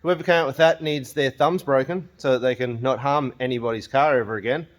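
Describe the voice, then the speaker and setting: A man speaking a little fast in a mid-range voice thinks aloud while repairing his truck in his home shed for his channel. In this casual vlog he chats to the parts, grumbles wryly, and often turns the joke on himself.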